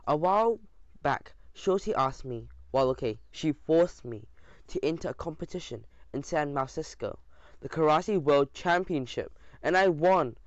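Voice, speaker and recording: Brief: male audiobook narrator, slightly high voice, expressive kids' storytelling, dull dry lo-fi sound. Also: measured pace, dry recording. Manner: lively, expressive storytelling with small slips. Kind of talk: children's audiobook reading.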